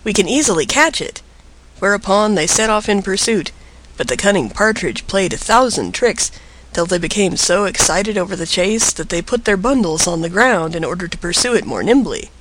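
A man narrates a storybook tale with an expressive, lilting delivery. His voice sits high and ranges widely, keeping every sentence animated. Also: moderate pace, a little hiss or hum, rough recording.

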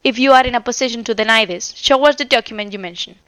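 A woman's voice: on the high side, fast, fairly bright tone, dry recording, natural voice. A woman reading a storybook voices a proud, hot-tempered man who speaks in a cold, cutting way. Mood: accusing.

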